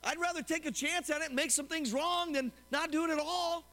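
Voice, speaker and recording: High bright-voiced preacher in a hall. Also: male voice, brisk. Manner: animated, asks the congregation questions. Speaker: pastor. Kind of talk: sermon. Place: church sanctuary. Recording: long hall reverb.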